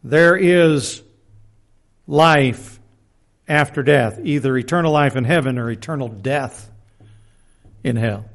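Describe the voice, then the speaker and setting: A man's voice: medium pitch, slow, pauses often. A man preaching a Bible lesson, reading verses aloud and adding plain-spoken personal asides, often restarting his words. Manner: reads scripture aloud, plain-spoken, self-deprecating asides. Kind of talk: Bible teaching sermon.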